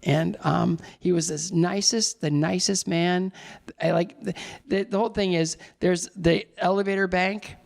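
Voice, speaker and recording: A man in his sixties, a guest in a casual chat, telling rambling, animated stories full of restarts. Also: high voice, a little slow, vocal fry.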